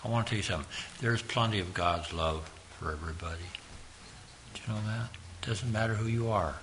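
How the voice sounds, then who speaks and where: A man preaching a sermon, slow and earnest, repeating his point and rising to sudden loud emphasis. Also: lowish voice, slight background noise.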